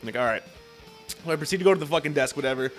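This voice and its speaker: A man's voice: fairly high pitch, very fast, soft background music. A young man telling a long story in casual chat, swearing often and acting out what others said. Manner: profane, animated storytelling with acted-out quotes.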